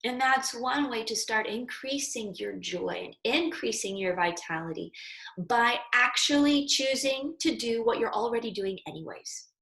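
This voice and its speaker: A woman's voice: a little high, lively intonation, normal speed, creaky, sharp tone, echoey room, rough recording. A woman yoga teacher giving a casual, earnest and encouraging spoken lesson with conversational fillers.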